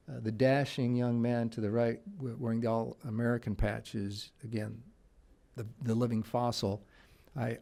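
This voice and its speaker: Gravelly, mellow-voiced man giving a talk. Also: medium pitch. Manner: halting, many restarts and fillers; storytelling with quoted voices. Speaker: conference panelist. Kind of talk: presentation with anecdotes. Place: conference room.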